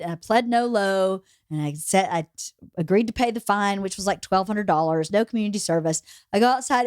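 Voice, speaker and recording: A woman hosting a podcast, telling a story in a lively, casual way and laughing as she goes. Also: a little high, no echo, studio quality. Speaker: podcast host.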